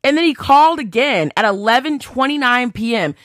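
Retelling a story with lots of energy, this podcaster quotes text messages out loud and curses without holding back. Her voice is a little high and brisk, recorded with clean studio sound and no room noise.

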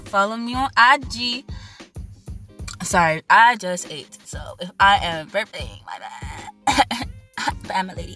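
A young woman hosting a casual podcast rant from home, loud, hyper and playful, swearing and rambling as she goes. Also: high voice, normal speed, soft background music. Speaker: podcast host.

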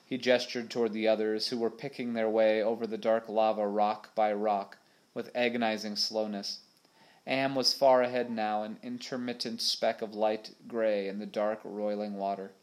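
A man narrating a children's adventure storybook in a steady, measured way. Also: lowish voice. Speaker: audiobook narrator.

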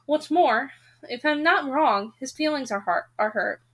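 High-voiced woman reading a novel aloud. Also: measured pace. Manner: expressive reader who breaks off into emotional rants.

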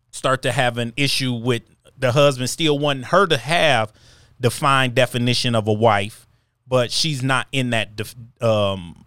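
A man's voice: mid-range voice, fairly bright tone, smooth, dry recording, clean studio sound. A man hosting a podcast, easygoing and laughing along as he asks long, winding questions. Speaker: podcast host. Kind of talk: podcast interviewing.

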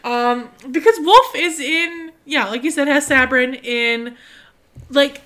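A woman's voice: sits high, slow, a bit bright. A woman co-hosting a podcast, chatting casually and emotionally about a book, giggling and gushing between passages she reads aloud. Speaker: podcast co-host.

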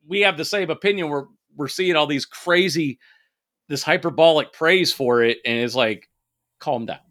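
A man with a slightly high, somewhat bright voice co-hosts a podcast at a moderate pace. He chats casually and animatedly about movies, swearing and laughing often, with many fillers and restarts.

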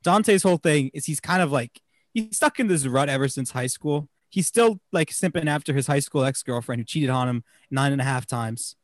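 A man from New Jersey co-hosting a casual movie discussion, animated, laughing often and restarting his sentences. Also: medium pitch, normal speed, dry recording, clean studio sound. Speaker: podcast co-host.

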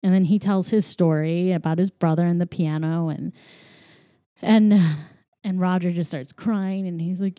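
A woman's voice: lowish voice, steady tone, warm tone, no echo, clean studio sound. Chatty woman retelling a film. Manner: chatty, acts out characters' lines in quick voices, laughs often. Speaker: podcast co-host. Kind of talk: casual film recap chat.

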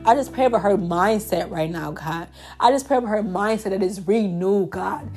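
A woman's voice: mid-range voice, normal speed, a little mellow, soft background music. A young woman, tearful, giving a heartfelt personal testimony and then praying aloud, repeating God and Lord again and again. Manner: heartfelt, repetitive, calls out God and Lord often. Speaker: faith vlogger. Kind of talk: personal testimony and spoken prayer.

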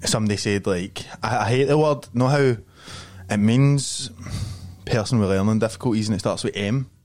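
A man's voice: fairly low pitch, normal speed, a little mellow. A young man with a Scottish accent chats loosely on a podcast. He laughs often and drops into mock voices when he retells a story. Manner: laughing, mimics people in funny voices. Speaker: podcast co-host. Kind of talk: casual chat.

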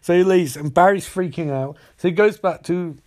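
A man's voice: sits high, moderate pace, darkish tone. A man casually retelling a TV episode, rambling, swearing and throwing in comic asides. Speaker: recapper.

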